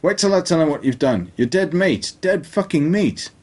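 A man voicing a blustering, injured male shop owner who makes shrill, panicky threats. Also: big pitch swings, normal speed, darkish tone, breathy edge. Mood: threatening.

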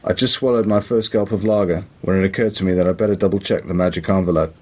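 Deep-voiced British male narrator. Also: steady tone, fast talker, a little mellow. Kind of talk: audiobook narration.

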